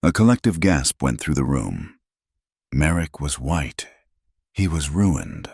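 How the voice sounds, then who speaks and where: An extremely deep male voice reads a western tale in short, dramatic phrases, his pitch rising and falling with lively expression. The recording is close and dry, with no room sound at all. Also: vocal fry, slightly rough, no echo. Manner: dramatic, measured, pausing phrase by phrase. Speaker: storyteller. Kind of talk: scripted narration of a western story.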